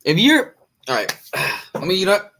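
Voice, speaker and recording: A man's voice: sits high, normal speed, gravelly, noisy background. A man casually telling a long story to friends on a podcast. He swears freely and acts out the other people's lines. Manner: animated, profane, acts out quoted voices. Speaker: podcast co-host.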